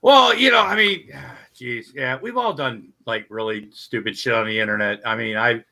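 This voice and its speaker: A man's voice: mid-range voice, normal speed, pushed and bright. A man hosting a livestream, telling rambling stories full of fillers and swearing in casual chat. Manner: rambling storyteller, lots of fillers. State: stoned.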